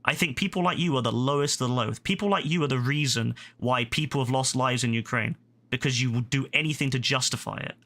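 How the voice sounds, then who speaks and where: A British man on a gaming livestream, ranting heatedly at someone in his chat. He swears a lot and keeps repeating himself, and his voice is bright and forceful. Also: mid-range voice, quick pace. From Britain. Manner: heated, profane and repetitive. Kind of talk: angry rant at a chat viewer.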